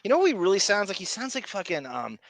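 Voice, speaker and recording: A male podcast host talking in a rambling, profane, excitable way. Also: high voice, fast talker, creaky, no echo. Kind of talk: casual podcast chat.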